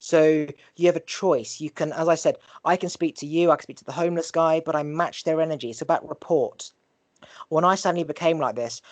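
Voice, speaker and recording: A male podcast host talking in an animated way, giving life advice in casual conversation and swearing freely. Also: fairly high pitch, no echo.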